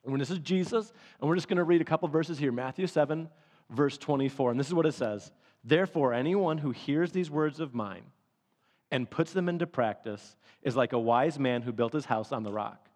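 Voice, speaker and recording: A man preaching a sermon, telling a story with laughs and lively energy. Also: medium pitch, a little fast. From Michigan. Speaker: pastor. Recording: long hall reverb.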